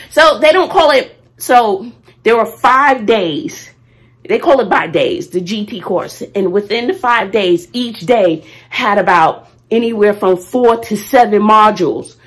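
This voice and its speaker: A middle-aged woman, a teacher talking casually to her viewers. She is playful and swings from loud to hushed while she talks to herself. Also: mid-range voice, lively intonation, a little slow, husky. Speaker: vlogger, teacher. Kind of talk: casual vlog talk to viewers.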